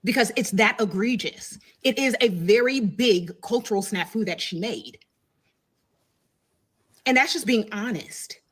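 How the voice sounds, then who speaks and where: A woman's voice: mid-range voice, unhurried, husky. A woman giving an opinion commentary in an assertive, explanatory way.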